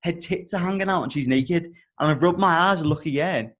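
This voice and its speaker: A young man hosting a podcast and telling a rambling story in an animated, casual way, swearing often. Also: fairly high pitch, fairly quick. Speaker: podcast host.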